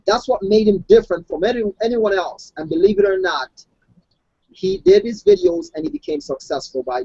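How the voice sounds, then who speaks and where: A man from abroad speaks as a health coach, telling stories in bursts with many restarts. His voice is gravelly and husky, with a dark tone. The call audio is dull and lo-fi. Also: sits high, no echo. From outside the United States. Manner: animated storytelling with restarts. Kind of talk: casual hangout discussion.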